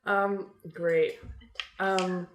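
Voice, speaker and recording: A woman's voice: fairly low pitch, little pitch movement, drawn-out words, faint music behind. A woman playing a tabletop game, hesitant and trailing off with ums. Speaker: player. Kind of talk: casual tabletop play. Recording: roomy echo with faint noise.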